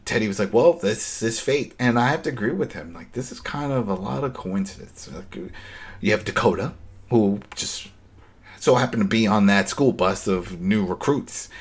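A man hosting a podcast, recapping a TV episode in casual, animated chat with quick asides. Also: lowish voice, slightly rough. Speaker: podcast host.

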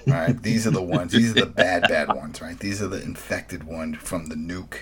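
A man co-hosting a casual show recap, animated, breaking into quoted voices and laughing. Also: sits low, moderate pace, crowd noise. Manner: animated, acts out quotes with big voice shifts and laughs. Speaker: podcast co-host.

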